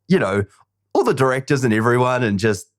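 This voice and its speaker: A man's voice: mid-range voice, very animated, fairly quick, dry recording. Slangy man telling stories, dry sound. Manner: rambling anecdotal storyteller, slangy. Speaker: podcast host. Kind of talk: casual chat.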